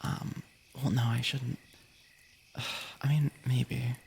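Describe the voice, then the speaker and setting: A man's voice: mid-range voice, little pitch movement, very slow, gravelly, darkish tone, slight background noise. A young man whispering through an ASMR stream, giggling and cutting himself off as he chats and reads stories aloud. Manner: giggly, playful, keeps interrupting himself.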